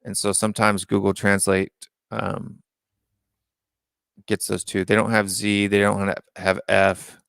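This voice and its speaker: A man's voice: on the low side, completely flat delivery, measured pace, vocal fry, a bit bright, clean tone, no echo, studio quality. An American man hosting a casual live-stream call-in show, reading out viewer comments and musing on them aloud. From United States.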